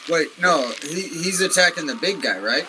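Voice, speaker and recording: A man playing a tabletop game, cutting in with quick rules questions. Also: fairly high pitch, expressive, a crowd in the background, rough recording. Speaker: player.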